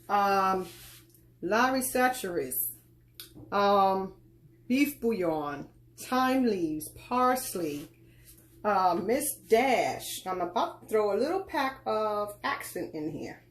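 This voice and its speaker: A woman's voice: mid-range voice, very animated, slow. A woman hosting a live cooking tutorial, giving folksy, instructive directions and calling her viewers child and girl. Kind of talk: casual live cooking demonstration.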